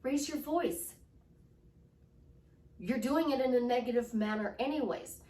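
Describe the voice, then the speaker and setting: A woman's voice: a little high, measured pace, warm tone, distant mic. A woman life coach teaching with enthusiasm, swinging her voice up and down to show how tone changes. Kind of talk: motivational teaching. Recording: roomy echo, voice from off-mic.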